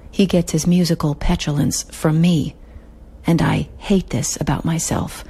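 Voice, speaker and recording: A woman's voice: fairly low pitch, creaky, warm tone. Wry woman host reading her story. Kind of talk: reading her own short story aloud.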